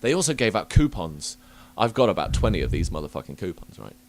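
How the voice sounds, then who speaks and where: A young man hosting a podcast, telling stories in a casual, animated way, swearing freely and laughing often. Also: low voice, fast, a little hiss or hum. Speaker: podcast host. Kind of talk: casual chat.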